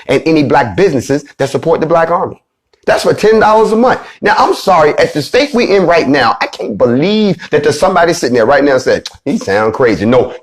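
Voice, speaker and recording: A man delivers a charged monologue in a somewhat high voice. He swears freely and preaches, dropping from heated bursts into low, grave passages. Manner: profane, preacherly, swings from loud to low and grave. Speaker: movement leader giving a speech. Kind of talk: fiery monologue.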